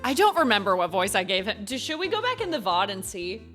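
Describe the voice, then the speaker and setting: A woman's voice: medium pitch, big pitch swings, quick pace, fairly bright tone, soft background music. Giggly young woman streamer. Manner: giggly, chatty with chat. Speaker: gaming streamer. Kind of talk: casual game commentary.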